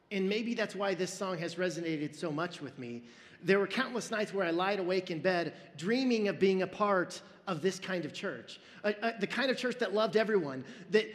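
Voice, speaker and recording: A man's voice: sits high, long reverb tail. A pastor in his forties preaching a sermon, earnest and storytelling, with self-deprecating humor.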